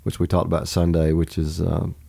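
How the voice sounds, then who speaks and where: A man's voice: low voice, monotone, a little fast, creaky, warm tone. A man in his forties, a pastor talking earnestly about his family in casual conversation, laughing easily.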